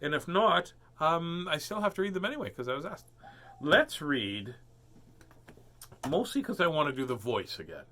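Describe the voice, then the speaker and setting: Animated man reading picture books aloud. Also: fairly high pitch, normal speed. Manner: chatty, animated, with dramatic giant lines. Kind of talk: storybook read-aloud with chat.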